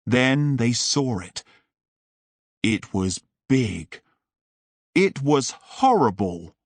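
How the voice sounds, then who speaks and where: A man narrating a simple audiobook for English learners in a clear, deliberate and expressive way. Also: medium pitch, no echo.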